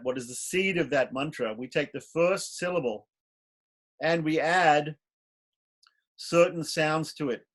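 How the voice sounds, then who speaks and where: A man teaching a class on ritual and mantras, explaining step by step and chanting short mantras aloud. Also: on the high side. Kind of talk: online class lecture.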